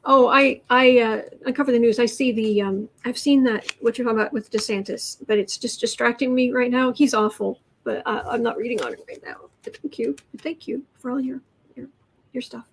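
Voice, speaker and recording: A woman hosting a live tarot reading, musing aloud over the cards and answering chat in halting, drawn-out phrases. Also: fairly high pitch, fairly even intonation, slight background noise. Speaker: tarot reader and channel host.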